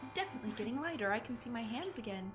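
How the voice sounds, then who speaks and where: A woman's voice: a little high, animated, rapid-fire, music in the background, close to an everyday voice. A woman reading the lines of a nervous, rambling male sidekick bird from a game on a livestream. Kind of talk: game dialogue read on stream.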